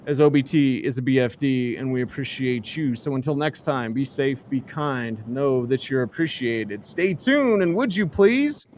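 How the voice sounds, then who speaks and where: A man's voice: medium pitch, fairly even intonation, moderate pace, hardly any pauses, darkish tone, a little hiss or hum. A man hosting a casual sports radio show. He wraps up with breezy, upbeat patter.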